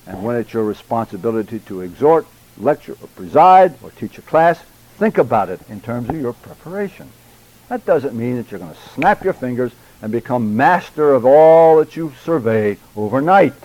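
A man lecturing a church class on public speaking, enunciating deliberately and stressing key words, sometimes addressing students by name. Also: medium pitch, big pitch swings, a little mellow, rough recording. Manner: measured, emphatic, deliberate enunciation.

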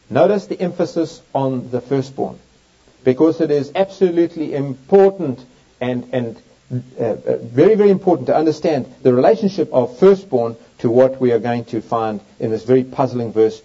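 Speaking at a moderate pace, a man with a dark tone and medium pitch reads from the Bible during a teaching sermon, his delivery emphatic and swooping. The overhead projector in this lecture setting can be noticed, and the recording quality is dull lo-fi.

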